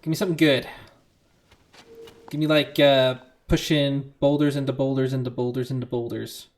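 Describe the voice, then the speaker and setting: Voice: medium pitch, level tone, moderate pace, slight background noise. A streamer chatting casually while playing a game, rambling with self-deprecating asides about the play. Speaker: gaming streamer. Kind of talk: casual let's-play commentary. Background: game music.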